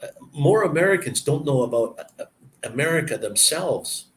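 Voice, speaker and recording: A man's voice: a little high, sing-song, moderate pace, rough recording. A man from Canada telling stories in casual chat, rambling and opinionated, with frequent restarts.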